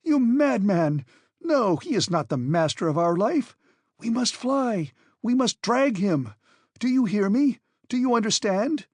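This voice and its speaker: A man's voice: fairly high pitch, animated, unhurried, husky, dry recording, exaggerated voice. A man voicing a desperate young nephew in an audiobook, pleading in a raised, strained voice. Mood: frantic.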